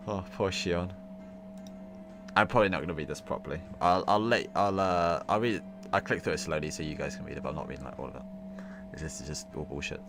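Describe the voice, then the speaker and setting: A man's voice: rumbling low, fast talker. A young man live-streaming a visual novel, rambling casually with lots of fillers and the odd swear. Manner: rambling, filler-heavy, swears, laughs loudly. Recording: noisy stream audio with hum.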